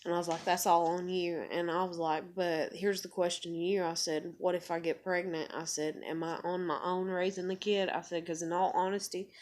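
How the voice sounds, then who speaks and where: A woman's voice: on the low side, flat delivery, normal speed, hardly any pauses, darkish tone. A woman vlogger telling a personal story in a blunt, profane, rambling way, full of fillers and quoted back-and-forth. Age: adult parent. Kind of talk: candid personal storytelling to camera.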